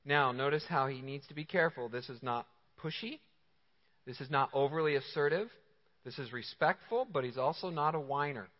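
A man preaching a sermon with energetic, emphatic, conversational delivery. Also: medium pitch, moderate pace. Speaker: pastor. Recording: reverberant hall, slightly dull sound.

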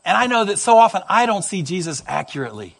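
A man preaching a sermon, telling stories in a conversational, animated way. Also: high voice, quick pace, gravelly. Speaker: pastor.

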